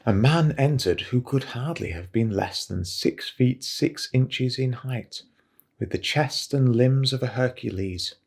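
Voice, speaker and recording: A man, an English teacher, slowly reading a story aloud for learners and stopping to point out new words. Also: medium pitch, creaky, husky. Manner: slow, careful reading with vocabulary asides.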